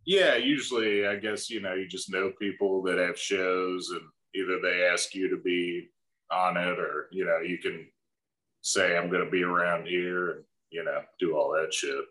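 A man's voice: low-pitched, steady tone, normal speed, pushed and bright, echoey room, rough recording. A male comedian guest in casual chat, joking and mocking himself. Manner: self-mocking, jokey.

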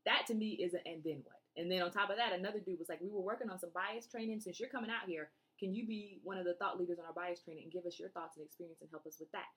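A woman with a lowish voice races through her words with hardly any pauses as co-host of a casual podcast chat. She's an animated storyteller who acts out quotes as she goes.

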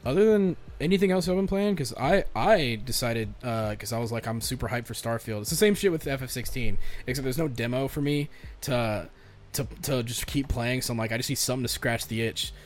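A man's voice: medium pitch, fairly quick. Young guy on a podcast, hyped and cursing a lot, talking games, lots of restarts. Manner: animated, swears a lot, rambling with restarts. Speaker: podcast co-host. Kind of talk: casual chat about games and movies.

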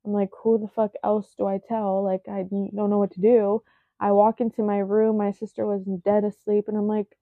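A young woman recounts a hard personal story in a halting, shaken way, full of "like"s, sometimes sinking to a near-whisper. Her voice sounds narrow and tinny, like a phone line, with no room sound at all. Her pitch sits in the middle for a woman. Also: level tone, dry recording. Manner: halting, filler-heavy retelling, often dropping to a near-whisper. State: shaken, emotional.

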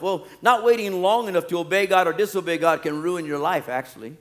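A man delivers a sermon in a slightly high voice. He swings from loud, pleading reenactments of scripture to low, wry asides aimed at the congregation. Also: brisk. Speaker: preacher.

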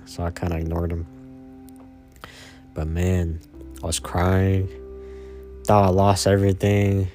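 Young dude w a really low voice, rambling slangy storytime, faint music in the back. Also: male voice, monotone, unhurried, pauses often, warm tone. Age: 20s. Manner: rambling and slangy, full of "man" and "you know". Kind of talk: casual storytime.

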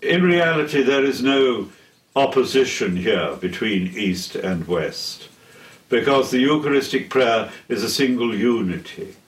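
An older man giving a theology lecture in a deliberate, solemn way, pausing between phrases. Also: mid-range voice, expressive. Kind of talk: slow measured theology lecture. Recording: echoey room, heard from a distance.

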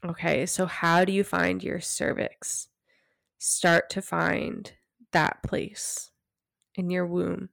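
A woman hosting a solo podcast, talking gently and guiding listeners through a practice, sometimes dropping to a hush. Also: on the low side, flat delivery, vocal fry, no room sound, studio quality. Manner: soft, gentle, unhurried guidance; drops to a hushed near-whisper when demonstrating. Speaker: podcast host.

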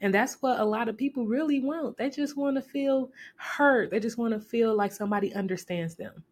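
A woman's voice: fairly high pitch, fairly quick. Emphatic woman podcast host giving advice. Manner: lively and emphatic, with pointed repetitions and sudden rises. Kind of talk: casual advice talk.

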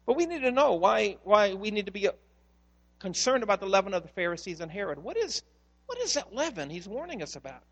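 A pastor in a sanctuary delivers his sermon with a fairly high voice. He tells stories with animation and acts out the voices in them. Long reverb from the hall trails his words. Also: big pitch swings, a little fast.

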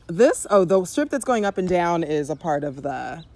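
A young woman from Southern California, very animated, co-hosts a podcast outdoors in a backyard. Her voice is lowish with a darkish tone and a moderate pace, and her casual chat is packed with fillers and laughter.

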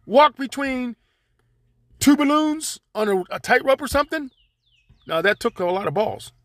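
A man's voice: very high voice, sing-song, moderate pace, dry recording. A man hosting his own podcast, rambling and joking in loose slang straight to his listeners. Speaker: podcast host. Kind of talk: casual solo monologue.

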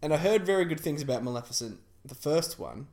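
A man's voice: on the high side, expressive, quick pace, a little mellow. A man chatting casually about film trailers, rambling with lots of fillers and restarts.

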